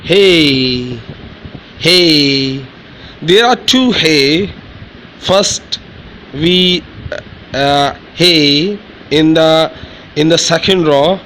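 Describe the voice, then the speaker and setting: A man teaching letter sounds in a lesson, repeating each one slowly and explaining in simple, halting English. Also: a little high, fairly bright tone, a little hiss or hum, low-quality recording. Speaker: Urdu teacher. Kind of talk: slow pronunciation lesson.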